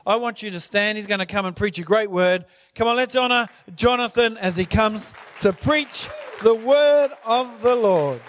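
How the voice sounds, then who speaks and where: A man's voice: sits high, moderate pace, a bit bright, a faint crowd. A man pastor introducing a preacher to his church, emphatic and rallying.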